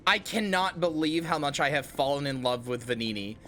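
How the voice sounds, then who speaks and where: A man's voice: on the high side, animated, brisk, pushed and bright. A game streamer doing casual livestream commentary, playful and rambling, often addressing his chat. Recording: faint music behind.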